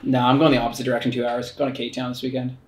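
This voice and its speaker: A man's voice: mid-range voice, level tone, rapid-fire, echoey room, slight background noise. A man co-hosting a casual podcast chat, joking and rambling with skater slang. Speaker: podcast co-host.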